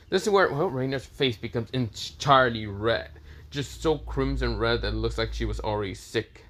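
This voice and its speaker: A man's voice: mid-range voice, normal speed, fairly bright tone. A man casually narrating a fan story, rambling and leaning on the same fillers again and again. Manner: rambling, repeats fillers often.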